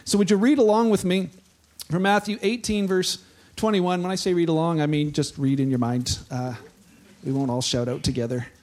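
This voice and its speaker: A man's voice: a little high, fairly even intonation, normal speed, darkish tone. A male pastor preaching a sermon in a conversational, chatty way. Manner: conversational, chatty, with frequent "like" asides.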